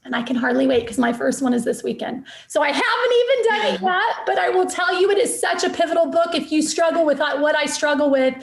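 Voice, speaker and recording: A fired-up woman speaks with a high, bright pitch and a motivational punch. She talks like a real estate investor guest on a podcast interview, emphatic and heartfelt. The sound carries the echo of a roomy space. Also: expressive, brisk, creaky, hardly any pauses. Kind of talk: enthusiastic podcast interview talk.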